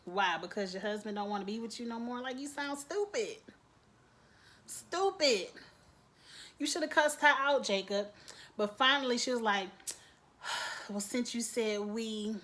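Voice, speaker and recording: A woman gives a casual, opinionated recap of a TV drama. Her voice sits a bit high, and she talks in a sassy, animated way, mimicking the characters as she goes. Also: normal speed. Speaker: TV recap reviewer.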